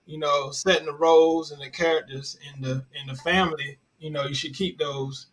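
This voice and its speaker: A man with a fairly high voice talks in an easygoing, agreeable way in a group discussion. He strings his points together loosely and leans on casual fillers. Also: normal speed, poor audio. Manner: relaxed, agreeable, cites scripture, many "you know"s. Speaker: discussion participant.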